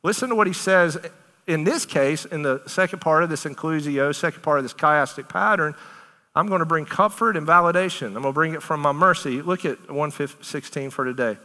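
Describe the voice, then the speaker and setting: A man's voice: on the high side, brisk, in a large hall. A man preaching a sermon to a congregation, emphatic and conversational, talking in a casual, down-to-earth way. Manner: animated, emphatic, conversational preaching with Southern turns of phrase.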